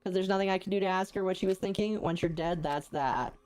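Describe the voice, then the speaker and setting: A woman plays a story-driven game, voicing its dialogue herself in a slightly low register. She breaks off now and then for playful comments. Soft game music runs underneath. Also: quick pace. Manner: voices the characters' lines, then adds joking asides. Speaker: gaming streamer. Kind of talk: reading game dialogue aloud and reacting.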